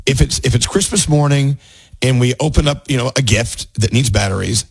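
A man's voice: medium pitch, brisk, breathy edge, dry recording. A middle-aged man hosting a radio show, talking in casual banter with frequent laughs and restarts. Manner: animated, laughs often, talks with restarts.

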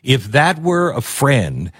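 A man's voice: mid-range voice, big pitch swings, takes it slowly, slightly rough, no echo, clean studio sound. A man hosting a talk radio show, chatting casually and sarcastically with plenty of fillers and jokes. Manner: sarcastic, joking, loose with fillers.

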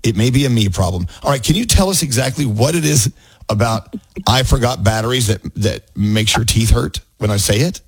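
A man's voice: medium pitch, brisk, breathy edge, no room sound. A man hosting a radio show, joking and laughing with his co-hosts and a caller. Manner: animated, laughing, playful. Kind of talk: casual morning radio banter.

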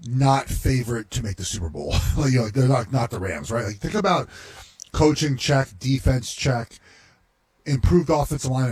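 A man's voice: mid-range voice, a little mellow, breathy edge. A man, a former pro football player, giving casual analysis on sports radio with lots of "right?" checks. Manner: conversational, many fillers and "right?" checks. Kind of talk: sports talk radio chat.

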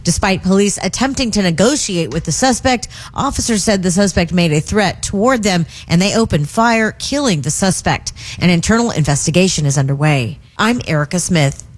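A woman reading a radio newscast in a steady, even delivery. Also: lowish voice, normal speed, few pauses. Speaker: news anchor.

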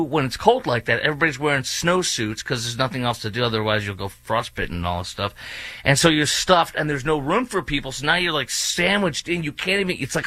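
A man's voice: mid-range voice, pushed and bright, dry recording. A man hosting an opinionated talk show, sarcastic and mocking, with rambling asides. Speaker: political commentary host. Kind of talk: opinionated talk radio commentary.

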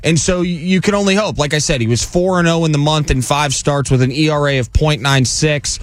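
Here the same kind of speaker, a twenty-something male co-host, sounds a little high, trading quick jokes and reeling off statistics in casual sports radio banter. He's on a studio mic in a radio studio, and the recording is dry.

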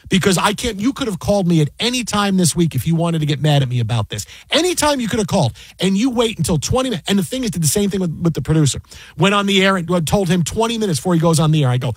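A man who works as a sports broadcaster, casually recounting a work story in an animated, exasperated way. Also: high-pitched, very fast, husky, no echo. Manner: animated, exasperated retelling with repeated asides. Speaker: fantasy football broadcaster.

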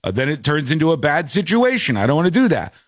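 A man hosting a talk show, chatting casually in a rambling, animated way and laughing often. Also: fairly high pitch, fast, no echo, clean studio sound. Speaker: radio show host.

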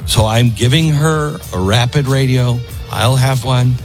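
A man's voice: mid-range voice, unhurried, soft background music. A middle-aged man hosting a talk show in a conversational style, breaking off and restarting his sentences. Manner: conversational, self-interrupting, with fillers. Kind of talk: talk radio monologue and ad read.

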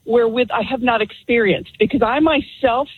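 A woman's voice: on the high side, normal speed. A woman calling in to a radio talk show, speaking earnestly and with emphasis about her convictions. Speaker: caller. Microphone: telephone. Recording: tinny phone line.

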